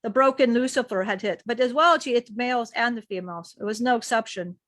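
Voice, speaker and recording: Woman channeler, fairly high voice, speaks as a male being in slow, repeating storytelling. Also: fairly bright tone, no echo, clean studio sound. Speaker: spiritual channeler.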